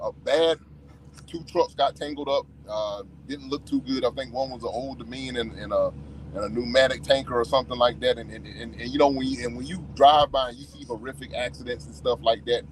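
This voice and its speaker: A man who drives his own truck, talking in a casual podcast chat, halting with many restarts. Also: medium pitch, slight background noise, rough recording. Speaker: owner operator truck driver.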